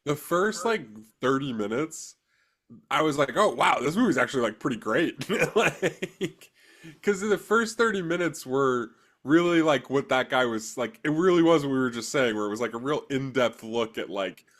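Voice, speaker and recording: A man's voice: mid-range voice, expressive, normal speed, fairly bright tone. A man co-hosting a movie podcast, talking casually in a rambling way, full of fillers and giggles. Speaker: podcast co-host. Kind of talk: casual chat.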